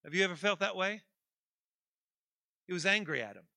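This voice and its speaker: A man preaching a sermon in a church, calling out to the congregation and building to loud, emphatic peaks. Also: high voice, expressive, moderate pace, vocal fry, dry recording.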